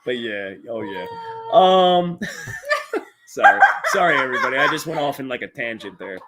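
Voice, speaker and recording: A man's voice: mid-range voice, very animated, normal speed, heavy background noise. Guy hosting a live stream, casual rambly chat, swears a lot.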